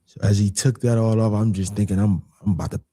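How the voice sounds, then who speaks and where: A man casually telling a personal story, animated and repeating phrases as he acts out what people said. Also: lowish voice, fast, no room sound.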